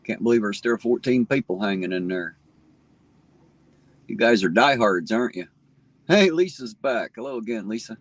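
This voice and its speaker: A man's voice: fairly low pitch, expressive, normal speed, pauses often, dry recording, low-quality recording. A middle-aged man with a slight Southern drawl from where Ohio, Kentucky and West Virginia meet, chatting in a folksy, rambling way with viewers on a live stream. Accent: Appalachian Ohio Valley, slight Southern drawl. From tri-state area where Ohio, Kentucky and West Virginia meet. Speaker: livestream host. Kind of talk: casual live-stream chat, reading viewer comments.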